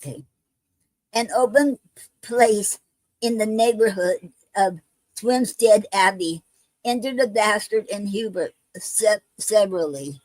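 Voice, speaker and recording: A woman's voice: mid-range voice, a little mellow, no echo, rough recording. A woman hosting a poetry show, reading a play aloud along with its stage directions. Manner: unhurried, reads out stage directions and speaker names.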